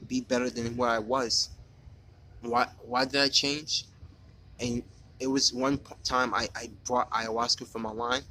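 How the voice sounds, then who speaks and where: A man in a personal spoken monologue, talking in an earnest, halting way with many restarts and repeated words, defiant when he speaks straight to a critic. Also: medium pitch, bright, forceful tone, poor audio.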